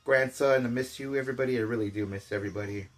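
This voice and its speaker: A man's voice: medium pitch, rapid-fire. An older man chatting casually through a toy unboxing, rambling with jokey asides. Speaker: toy collector.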